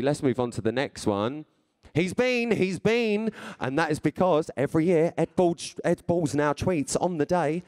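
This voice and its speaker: A man in his thirties, a radio and TV presenter, reads tweets aloud at a live event before an audience, keeping things chatty and playful and laughing often. His voice is medium in pitch with a darkish tone.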